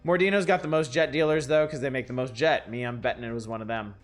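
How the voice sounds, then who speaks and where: A man voicing a blunt, bitter mobster son who speaks low and clipped while reading game dialogue aloud. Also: fairly even intonation, fast, faint music behind, close to an everyday voice. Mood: gruff.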